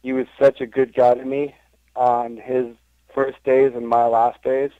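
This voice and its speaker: A man in a casual podcast interview, rambling and correcting himself as he tells stories. His voice sits at an ordinary middle pitch. The sound is dry and close to the mic. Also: little pitch movement, unhurried, warm tone, no room sound, dull audio. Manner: rambling storytelling, full of fillers and self-corrections. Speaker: interview guest, wrestling impressionist.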